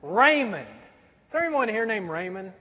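A man's voice: high voice, very animated, unhurried, slightly rough. A man in his forties, a pastor telling a story in a sermon with a conversational, wry humor. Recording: dull sound with long hall reverb.

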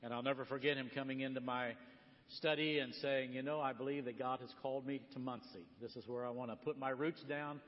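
A man preaching a sermon as a guest speaker, telling stories with lively quoted voices. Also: mid-range voice, brisk. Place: church sanctuary. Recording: long hall reverb, dull lo-fi sound.

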